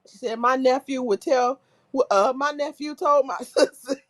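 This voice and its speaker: A woman's voice: sits high, normal speed. A woman hosting a casual livestream, reading viewers' comments aloud while laughing helplessly through nearly every line. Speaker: livestream host reading chat.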